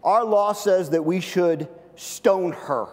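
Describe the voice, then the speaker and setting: A man voicing stern male religious leaders who demand an answer, in a raised, louder voice during a sermon. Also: sits high, slow, pitched above the performer's own voice. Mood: accusing. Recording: long hall reverb.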